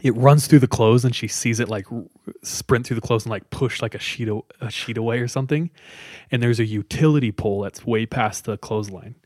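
A man's voice: medium pitch, brisk, a little mellow, no echo, studio quality. A man casually retelling a scary story to friends, chatty and loose, with lots of fillers. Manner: conversational, loose with many fillers.

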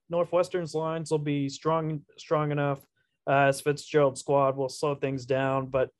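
Relaxed male podcast co-host, slightly raised pitch, dry recording, reads out predictions. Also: no echo. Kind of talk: casual sports podcast chat.

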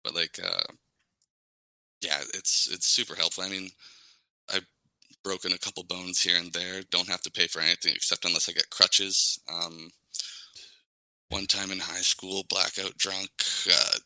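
Low bright-voiced young man. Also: level tone, moderate pace, no echo, rough recording. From Canada, Ontario. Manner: rambling, many "like" and "um" fillers. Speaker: guest. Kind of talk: casual interview chat.

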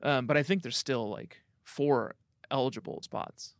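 A podcast co-host chats casually about a video game, joking and rambling with lots of ums and likes. His voice is medium-pitched and a little slow, captured in a dry, clean studio recording.

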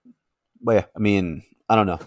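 A man's voice: on the low side, brisk, a little mellow, dry recording, studio quality. A man co-hosting a podcast in casual chat, speaking hesitantly with many fillers. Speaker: podcast co-host.

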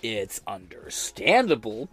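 A man's voice: medium pitch, very animated, slow pace, slightly rough, faint music behind. An American man hosting a podcast, giving blunt, profane and sarcastic political commentary while reading headlines aloud. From United States. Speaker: podcast host.

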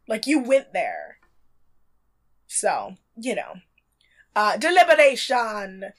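A chatty woman co-hosting a casual recap show. She sounds wry and unhurried, and leans on words for emphasis. Her voice sits a little high. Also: wildly swooping pitch. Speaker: podcast co-host recapping a reality show. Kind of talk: casual chat.

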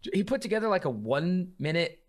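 A man co-hosting a sports podcast, chatting loosely and excitably and swearing casually. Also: high voice, brisk. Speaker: podcast co-host.

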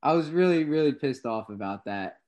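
A man's voice: a little high, animated, fairly quick, darkish tone. A young man co-hosting a casual podcast, telling work stories and acting out his own reactions with animation. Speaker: co-host.

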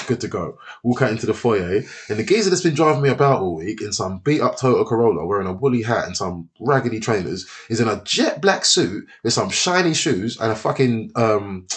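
Guy telling fight stories on a podcast, voice jumps all over, swears loads. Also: fairly low pitch. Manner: animated, swears a lot, acts out voices. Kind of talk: casual storytelling chat.

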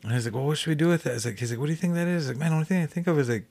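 A man's voice: on the high side, creaky, darkish tone. A man as a podcast guest, telling a hunting story in a rambling way, full of "like" fillers. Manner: fast rambling with many "like" fillers. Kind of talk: casual storytelling.

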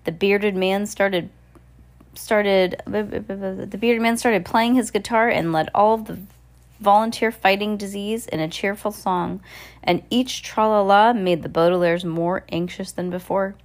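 A woman's voice: mid-range voice, steady tone, unhurried. A woman reading a novel aloud at home into a phone, chatty and casual, stumbling over words and correcting herself. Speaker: reader.

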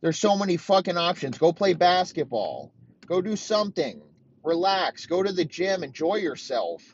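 A man in his thirties delivering a heated, profane comedic rant, talking in rapid-fire bursts. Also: high voice, big pitch swings, lo-fi sound, a little hiss or hum. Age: 30s.

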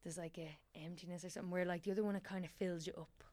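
A woman's voice: lowish voice, steady tone, rapid-fire, a little mellow, no room sound. A young Irish woman chatting casually as a podcast guest, rambling with many fillers and restarts.

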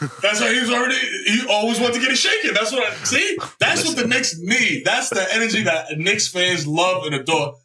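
A man from the Bronx, a podcast guest, telling stories in an excitable, profane way and shouting out the quotes he acts. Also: sits high, brisk, echoey room, recorded from a distance. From the Bronx, New York. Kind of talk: animated casual storytelling.

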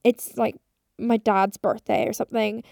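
A woman's voice: a little high, flat delivery, moderate pace, gravelly, darkish tone, no echo, studio quality. A woman in her twenties hosting a casual solo podcast, rambling and chatty, swearing often and saying "like" constantly. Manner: rambling, chatty, swears a lot, heavy use of like. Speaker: podcast host.

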